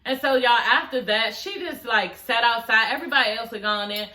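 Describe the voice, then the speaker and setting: A woman's voice: fairly high pitch, fairly quick, sharp tone, roomy sound. A woman giving a casual, blunt recap of a reality show, talking straight to her viewers and swearing freely.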